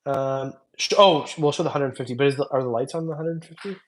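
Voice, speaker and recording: A faint hiss or hum accompanies this man's medium-pitched, quick speech. The reptile channel host is tired after hours on a long casual stream, reading chat out loud and cracking loose, rambling jokes full of fillers.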